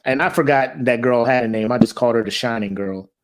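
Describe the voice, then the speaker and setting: A man's voice: medium pitch, quick pace. A young man co-hosting a podcast, joking and swearing in casual chat. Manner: laid-back, joking, swearing. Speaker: podcast co-host.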